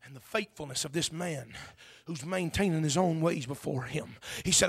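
A man preaching a sermon with impassioned delivery, dropping to hushed tones and building to shouts. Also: sits high, moderate pace, gravelly, breathy edge.

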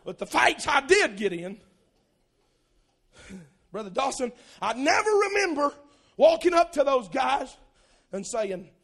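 A man preaching a sermon in a church, loud and gravelly, swinging from low asides to shouted lines. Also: expressive, a little slow, pauses often.

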